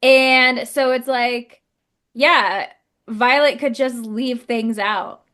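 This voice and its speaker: A young woman with a notably high voice co-hosts a podcast in loose, casual chat. She laughs a lot and swears without a second thought. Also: extremely slow, fairly bright tone. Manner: swears freely and laughs often. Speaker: podcast co-host.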